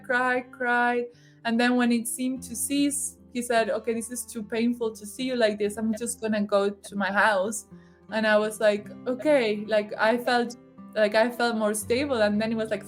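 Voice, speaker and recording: Emotional woman telling a personal story. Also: on the high side. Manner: emotional, laughs often, acts out dialogue. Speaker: guest sharing spiritual story. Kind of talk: casual personal testimony.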